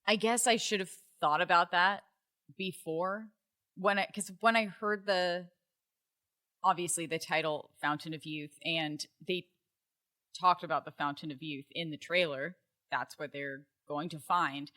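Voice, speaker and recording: A woman talking films on a podcast in easy, casual conversation. Her voice sits a little lower than most women's. She reacts in a relaxed, agreeable way. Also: measured pace. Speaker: podcast co-host. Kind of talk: casual movie review chat.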